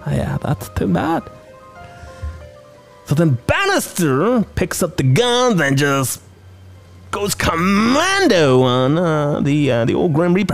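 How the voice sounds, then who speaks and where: Casting: excitable male podcast host, sarcastic recap, high lively voice. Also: takes it slowly, gravelly, faint music behind. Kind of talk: comedic movie recap.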